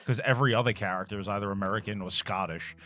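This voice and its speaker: A man co-hosting a retro game playthrough, chatting and swearing with animated energy. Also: lowish voice, rapid-fire. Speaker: co-host playing retro games. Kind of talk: casual gaming banter.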